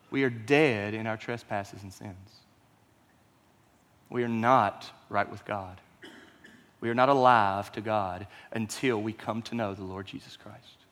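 A man's voice: mid-range voice, a bit bright, long reverb tail. A man preaching a sermon as pastor, conversational and emphatic, with frequent rhetorical questions.

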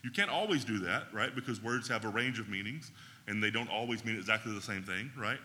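Bright-voiced man teaching in a hall. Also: on the low side, brisk. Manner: conversational, often checks in with "right?". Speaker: Bible teacher. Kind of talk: classroom teaching talk.

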